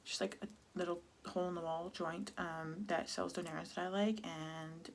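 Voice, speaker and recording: A woman from Canada in her thirties, talking candidly and haltingly about her depression in a personal vlog, close to tears. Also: on the low side, fairly even intonation, vocal fry, a little hiss or hum. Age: 30s. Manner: candid, halting, many restarts and fillers. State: sad, near tears. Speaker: vlogger.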